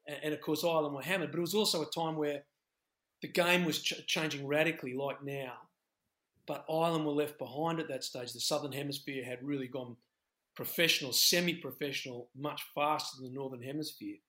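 A middle-aged Australian man, a former rugby head coach, talking in a halting, reflective way on a podcast. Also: on the high side, fairly even intonation, sharp tone. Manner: halting, many restarts, reflective. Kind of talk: podcast discussion.

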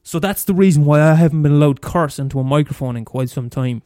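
Young Irish male podcaster, sweary fast-talking ranter, slightly high voice, dry sound. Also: warm tone, no echo, faint music behind. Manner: profane, ranting, fast and mumbly. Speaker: podcast host. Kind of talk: casual solo rant.

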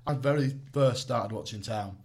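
A man co-hosting a comedy podcast in casual chat, swearing often and jumping between quiet asides and loud bursts. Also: mid-range voice, moderate pace. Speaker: podcast co-host.

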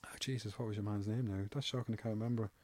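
A man's voice: on the low side, steady tone, racing, darkish tone, dry recording. An Irish man, an amateur MMA fighter, telling stories in casual, rambling, swear-heavy chat. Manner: swears freely, rambling anecdotal.

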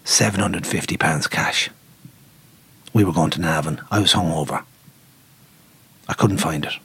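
A middle-aged man telling an animated story in casual chat, swearing freely and acting out what people said, swinging from low mutters to loud outbursts. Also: moderate pace, creaky, slightly rough, dry recording.

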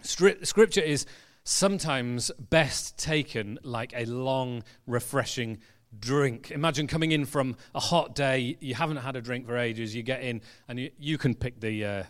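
With a medium-pitched voice and a slightly slow pace, a church pastor tells stories in his sermon conversationally and relaxed, using fillers and restarting sentences. He is in a church hall.

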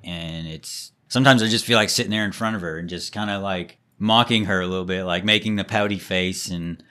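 A man's voice: low voice, a little fast, sharp tone. A young man co-hosting a parenting podcast, talking casually and rambling as he mimics his toddler's replies. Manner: rambling, acts out toddler voices. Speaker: podcast co-host. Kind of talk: casual chat.

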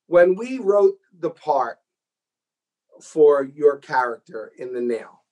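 A man interviewing an actor, animated and enthusiastic, acting out scenes as he tells the story. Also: fairly high pitch, slow pace, poor audio. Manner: enthusiastic, acts out quoted scenes. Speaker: host and filmmaker.

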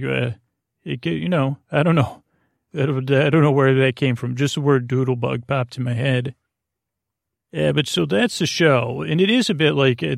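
A man's voice: mid-range voice, creaky, no room sound, clean studio sound. A man hosting a sleep podcast, rambling through a meandering bedtime monologue with goofy asides.

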